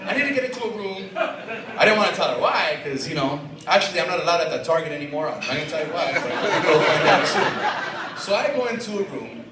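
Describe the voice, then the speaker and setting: A man's voice: fairly high pitch, lively intonation, fast talker, crowd noise. A young man performing a profane stand-up set as a comedian on a club stage, telling a story with voices he acts out. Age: young adult. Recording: echoey club recording from far off. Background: audience laughter.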